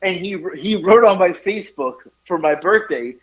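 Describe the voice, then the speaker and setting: A man telling a funny story on a podcast, animated and often laughing at his own tale. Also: high voice, moderate pace, lo-fi sound. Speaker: podcast co-host. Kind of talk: casual storytelling chat.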